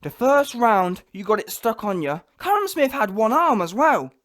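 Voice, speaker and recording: A man's voice: high voice, sing-song, normal speed, a bit bright. Heated man ranting about boxing. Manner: heated, blunt, repetitive, mocks others in quoted voices. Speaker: boxing reaction vlogger. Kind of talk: ranting reaction commentary.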